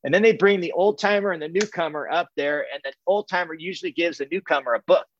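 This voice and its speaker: A man's voice: fairly high pitch, slight background noise. A middle-aged man from California giving a candid personal testimony to a recovery group, repeating phrases and restarting his sentences. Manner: candid, repetitive, halting restarts. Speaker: speaker sharing his recovery story. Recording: dull, muffled, dry sound.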